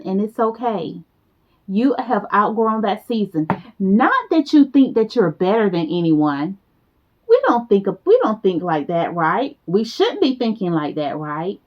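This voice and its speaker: A woman giving a motivational talk to her viewers, casual and emphatic, repeating key phrases for weight. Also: medium pitch. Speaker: motivational speaker. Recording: slightly dull lo-fi sound.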